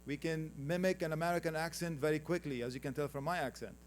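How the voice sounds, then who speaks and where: A man's voice: a little high, steady tone, fast talker, a little hiss or hum. A man from Afghanistan with an Afghan accent, giving a conversational conference presentation with slides and joking with the audience. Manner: conversational, teasing the audience, calls for next slides. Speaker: conference panel speaker.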